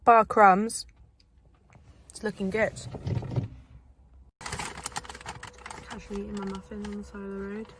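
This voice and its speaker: A woman's voice: medium pitch, flat delivery, slow, long pauses, background noise. A woman chatting casually in a vlog from inside a car, filling her talk with "like" and dry, self-mocking asides. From England. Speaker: beauty student reviewing lipstick.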